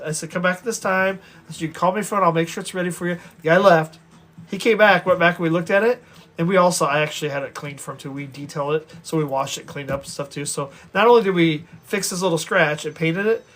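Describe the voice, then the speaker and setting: A man telling stories from his own past to his viewers in an animated, rambling way, often restarting his sentences. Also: on the high side. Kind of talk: casual storytelling to viewers.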